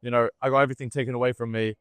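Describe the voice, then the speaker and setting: A man's voice: medium pitch, little pitch movement, racing, clean tone, dry recording. A man from Britain, a guest on a livestream, talking in a rambling, casual way and laughing as he goes.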